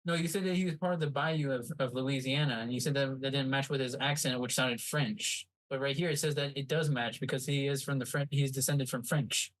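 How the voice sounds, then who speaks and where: A man's voice: medium pitch, steady tone, a little fast, hardly any pauses, a bit bright, poor audio. A man co-hosting a podcast, rambling along in casual chat full of fillers and restarts. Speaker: podcast co-host.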